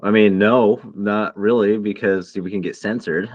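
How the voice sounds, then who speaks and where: A man co-hosting a podcast in casual, profane, rambling chat that turns excitable. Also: fairly low pitch, takes it slowly, no echo. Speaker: podcast co-host. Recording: dull lo-fi dry sound.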